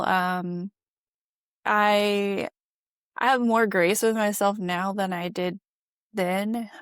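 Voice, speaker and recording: A woman's voice: medium pitch, clear, resonant tone, no echo, clean studio sound. A woman guest on a podcast, telling her story in an earnest, reflective way and laughing often. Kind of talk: candid conversational storytelling.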